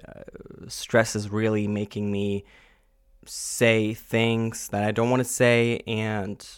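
A man podcasting from home in a rambling, unedited monologue, frustrated and swearing often, with halting pauses and fillers. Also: on the low side, fairly bright tone, no room sound, clean studio sound.

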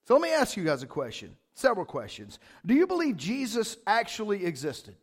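High-voiced, animated male pastor preaching. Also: a little fast, breathy edge. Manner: conversational, keeps asking "right?"; animated, rises loud for emphasis. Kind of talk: casual sermon.

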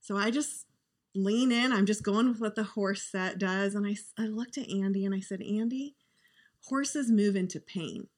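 An earnest woman shares a heartfelt story in a relaxed podcast conversation. Her pitch sits in a middle range, and she talks steadily and warmly, the way people do in casual storytelling. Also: normal speed. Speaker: podcast guest.

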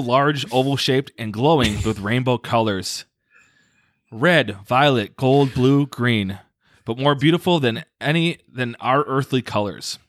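A man's voice: medium pitch, slow, no room sound. A man hosting a casual podcast, reading a story aloud and breaking off for jokey asides.

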